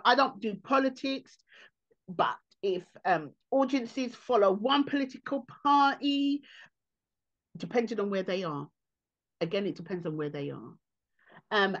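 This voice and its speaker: A woman comedian, answering interview questions in an animated way and acting out other people's voices. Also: on the high side, muffled recording.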